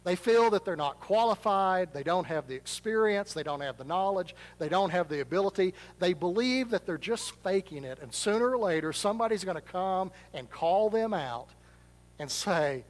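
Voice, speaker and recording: A pastor from Arkansas, preaching a sermon in a conversational, self-deprecating storytelling way. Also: male voice, high-pitched, lively intonation, normal speed. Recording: long reverb of a large hall.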